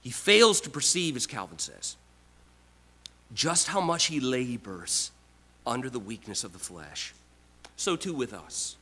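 A man delivers a sermon in a bright, forceful voice, taking his time over every phrase. He presses on key lines with emphatic restarts and lets others fall nearly to a hush. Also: medium pitch, very animated, slow, long pauses, breathy edge, rough recording. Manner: emphatic preaching with repeated restarts, swings from loud to quiet. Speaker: pastor.

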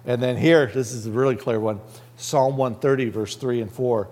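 A man's voice: mid-range voice, moderate pace, darkish tone. A man as a pastor, preaching a conversational sermon and asking the listeners rhetorical questions.

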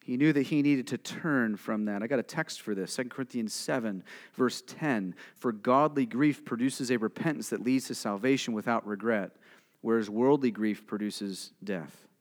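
A male pastor preaching a sermon in a direct, conversational way, asking the listeners questions and swinging from quiet and low to loud and emphatic. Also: moderate pace. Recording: long hall reverb.

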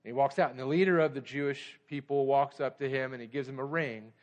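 A man's voice: mid-range voice, fairly even intonation, quick pace. A man preaching a sermon as pastor, pressing his points with urgent emphasis and slipping into conversational storytelling.

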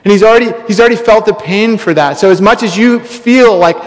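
Male pastor, high-pitched, casual storytelling sermon delivery, heavy hall reverb. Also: brisk. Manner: casual, storytelling, many fillers. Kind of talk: conversational sermon.

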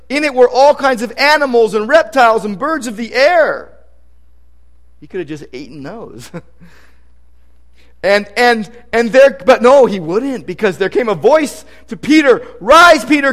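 Male pastor, high voice, conversational and emphatic sermon delivery with scripture readings.

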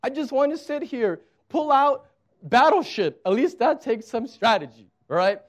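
A man's voice: extremely high pitch, expressive, measured pace, pitched above the performer's own voice, heavily acted. A man acting out a tired, grumpy father who whines that he won't play a child's game. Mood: exasperated. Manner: exasperated, whiny complaining. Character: tired grumpy father refusing his kids.

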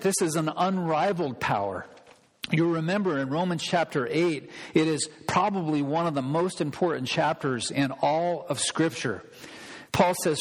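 A pastor delivering a sermon, emphatic and repeating key phrases for weight. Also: male voice, on the high side. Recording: long reverb of a large hall.

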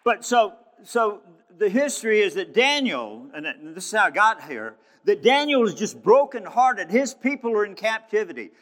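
A man's voice: high voice, very animated, normal speed, hardly any pauses, fairly bright tone. A man preaching a sermon in a fervent, emphatic way, often restarting his phrases. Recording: long hall reverb.

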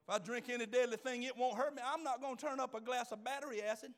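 A man's voice: extremely high pitch, steady tone, quick pace. A man around sixty, preaching a fervent, folksy sermon to his congregation. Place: church in front of a congregation.

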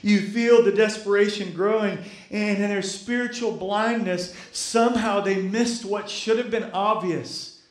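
A man's voice: high voice, fairly even intonation, a little slow, echoey room. A male pastor preaching a sermon, repeating key phrases and calling on the congregation to respond. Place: church sanctuary.

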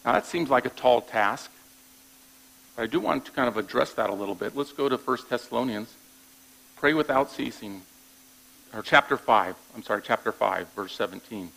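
A man's voice: mid-range voice, moderate pace, vocal fry, pushed and bright, rough recording. A man preaching a sermon in a conversational way, often checking in with his listeners and restarting phrases as he goes. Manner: conversational preaching with frequent "all right?" check-ins; repeats words when restarting thoughts. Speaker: pastor.

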